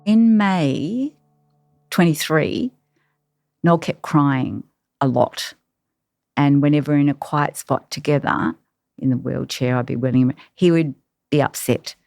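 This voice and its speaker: A woman, a carer, telling her personal story in an interview, reflective and halting with many pauses. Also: low voice, creaky, a little mellow, no room sound, studio quality.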